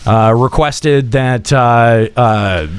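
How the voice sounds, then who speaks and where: A man's voice: medium pitch, slight background noise. A man hosting a gaming podcast, talking casually with lots of fillers and restarts. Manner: halting, many fillers and restarts. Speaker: podcast host.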